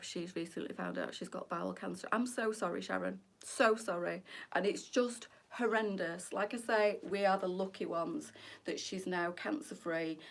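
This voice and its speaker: A woman's voice: fairly low pitch, creaky, recorded from a distance. A middle-aged woman hosting a live boutique sales stream, chatty and emotional, close to tears as she talks to viewers. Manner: emotional, tearful, chatty, addresses viewers as girls. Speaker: live-selling boutique host. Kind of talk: live shopping stream chat.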